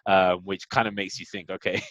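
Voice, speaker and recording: Low-voiced man chatting, dry sound. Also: flat delivery, brisk, fairly bright tone, no echo, muffled recording. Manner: rambling, lots of fillers and "man". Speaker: podcast co-host. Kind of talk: casual chat.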